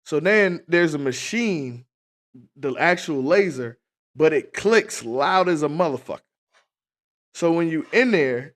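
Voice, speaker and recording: Stream host, man in his thirties, casual and profane, acts out his stories, voice sits a bit high. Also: normal speed. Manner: animated, profane storyteller who acts out scenes. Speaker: livestream host. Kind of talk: casual storytelling to a live chat.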